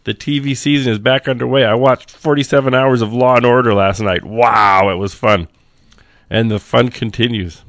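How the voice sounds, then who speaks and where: A man's voice: medium pitch, fairly even intonation, moderate pace, a bit bright, dry recording. A male radio host, sick and coughing now and then, chatting casually and rambling with dry jokes between songs.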